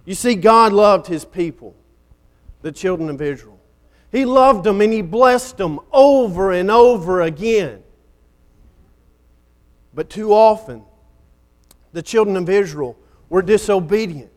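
A man's voice: sits high, lively intonation, measured pace, long pauses. A man preaching a sermon in a dramatic style, building up and then falling nearly silent at the ends of phrases.

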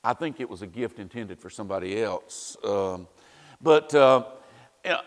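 A man's voice: mid-range voice, a little slow, long reverb tail. A man preaching a sermon in a conversational way, with wry asides and frequent "you know"s.

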